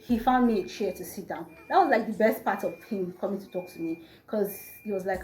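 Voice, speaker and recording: A young woman with a Nigerian accent, telling a storytime vlog in an animated, exasperated way. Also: mid-range voice, fast, hardly any pauses, a little hiss or hum. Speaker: vlogger. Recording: echoey room, faint music.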